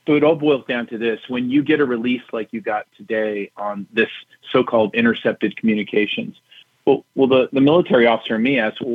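A middle-aged man, a retired general, speaking as a guest in a political talk show interview, in a measured, emphatic, plain-spoken manner. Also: medium pitch, no room sound. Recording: husky phone-line audio.

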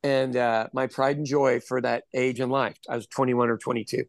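A man's voice: medium pitch, flat delivery, normal speed, gravelly, no room sound. A man, a chef, telling candid, self-deprecating stories in a casual podcast chat. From Kansas City area, USA.

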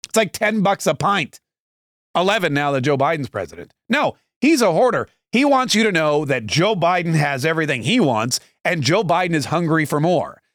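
A male podcast host delivers a sarcastic, emphatic political monologue into a close studio mic. His voice sits a little high for a man, and the room adds no echo at all. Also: big pitch swings, moderate pace, a bit bright.

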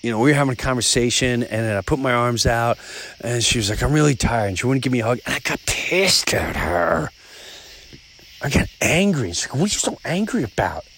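A man hosts a casual solo podcast, his voice swinging widely and climbing high when he gets exasperated. He is recorded outdoors at night near woods. Crickets chirp faintly in the background. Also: brisk, a little hiss or hum. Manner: animated storyteller, pitch jumps up when exasperated. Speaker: podcast host.

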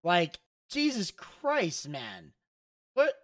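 Brief: female podcast co-host, unhurried wry delivery, dry sound picked up from a distant mic. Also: lowish voice, wildly swooping pitch, no room sound. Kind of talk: casual podcast chat.

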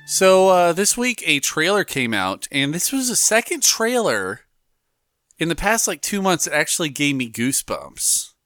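A man's voice: fairly high pitch, sing-song, a little slow, fairly bright tone, soft background music. A man co-hosting a podcast, playful and self-mocking, laughing often as he chats. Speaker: podcast co-host. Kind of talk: casual podcast banter.

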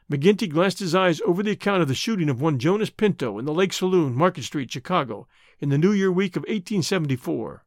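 A man narrating a classic story in a measured, expressive storytelling voice. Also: a little high, dry recording, clean studio sound. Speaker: audiobook narrator.

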